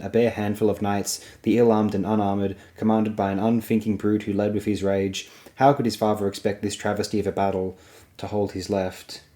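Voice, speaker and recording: A man reading a fantasy novel aloud as an audiobook, in a steady, even storytelling manner. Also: on the low side. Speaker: audiobook reader.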